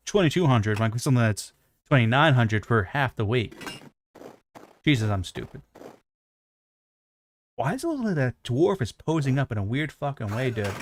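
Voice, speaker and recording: A man's voice: mid-range voice, a little hiss or hum. A man streaming a video game, chatting casually with heavy swearing, ranting and mocking himself. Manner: profane, ranting, self-mocking. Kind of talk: casual gaming stream chat.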